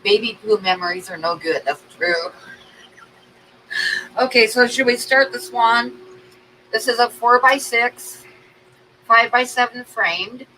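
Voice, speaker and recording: A woman's voice: on the high side, unhurried, pauses often, sharp tone, a little hiss or hum, rough recording. A woman artist chatting casually on a livestream, telling stories and laughing often as she runs an art auction.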